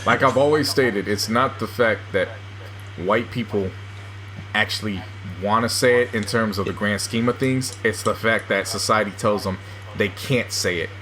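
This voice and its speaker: A man's voice: fairly low pitch, moderate pace, a bit bright, a little hiss or hum. A man co-hosting a podcast in casual chat, retelling stories with hesitations and quoted lines. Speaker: podcast co-host.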